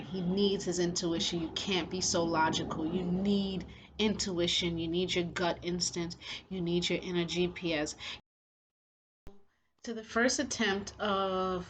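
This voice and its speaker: A woman's voice: lowish voice, a little hiss or hum, low-quality recording. A woman giving casual spiritual commentary as a vlogger, rambling and leaning heavily on filler phrases. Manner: rambling, heavy on "you know" fillers.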